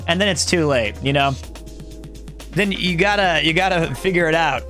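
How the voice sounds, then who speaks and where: High, bright-voiced man rambling on stream. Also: fairly quick, faint music behind. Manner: rambling, jokey, self-mocking storyteller. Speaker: live streamer. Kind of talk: casual chat with live chat.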